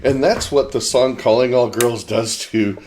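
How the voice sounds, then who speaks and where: A man's voice: medium pitch, a little slow, a little mellow, slight background noise. A man co-hosting a casual podcast about an album, joking and laughing often. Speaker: podcast co-host. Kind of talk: casual chat about music.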